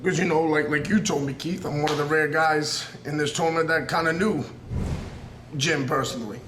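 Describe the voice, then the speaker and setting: Speaking briskly with fairly even intonation, this thirty-something New York wrestler gives an unscripted promo in a somewhat high voice. He comes across as earnest and intense, rambling and looping back over his own points. There's a noisy background and a roomy echo.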